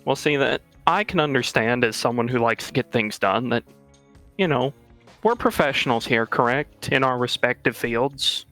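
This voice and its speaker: A man's voice: medium pitch, normal speed, pushed and bright, faint music behind. A man playing a tabletop role-playing game, talking in character in a polite, diplomatic way. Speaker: player.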